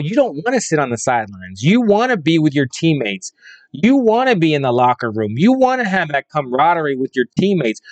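A man talks football in a fired-up, opinionated way, hammering his points over and over. His voice sits a little high for a man. It is recorded dry and close, with no room sound. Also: no room sound. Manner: emphatic, repetitive, fired-up. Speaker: fantasy football podcaster. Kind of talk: opinionated solo commentary.

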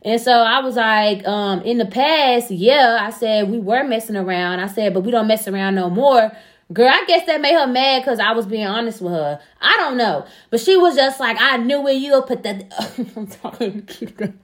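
A woman's voice: fairly high pitch, moderate pace. Blunt, profane young woman telling a story. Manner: blunt, profane, animated storytelling with quoted back-and-forth. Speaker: podcast co-host telling a personal story. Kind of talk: casual chat.

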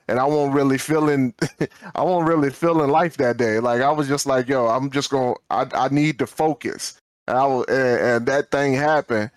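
A man's voice: medium pitch, dry recording. A man co-hosting a podcast in casual storytelling chat, acting out quoted dialogue and repeating words when he gets fired up. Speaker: podcast co-host.

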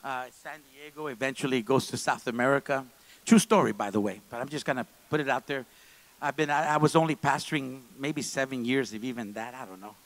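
A man preaching a sermon in a church service, moving between quiet, low asides and loud, fervent stretches. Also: a little fast, low-quality recording. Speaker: pastor.

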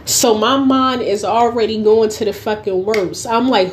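A young woman hosting a podcast, telling a story in a blunt, profane, animated way and often laughing as she goes. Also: on the high side, normal speed, hardly any pauses, a little hiss or hum. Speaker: podcast host. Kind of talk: casual storytelling monologue.

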